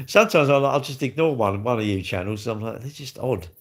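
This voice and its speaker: A man with a medium-pitched voice talks at a normal speed. He's hosting a livestream, rambling and trading jokes with his viewers in a casual, chatty way.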